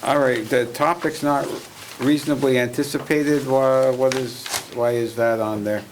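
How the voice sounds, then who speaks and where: A man's voice: mid-range voice, steady tone, unhurried, a little hiss or hum, rough recording. A man chairing a town board meeting, speaking in brief, procedural remarks.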